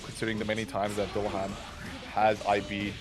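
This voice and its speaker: A man's voice: lowish voice, completely flat delivery, fast talker, over music. A young man giving live fighting game commentary, analytical and heavy on fillers, often asking "right?". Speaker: esports commentator.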